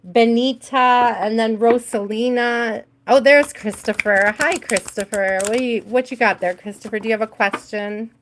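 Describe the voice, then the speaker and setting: A woman's voice: fairly high pitch, steady tone, normal speed, few pauses, slight background noise. A woman hosting a live tarot stream, chatting casually with viewers, laughing often and greeting them by name.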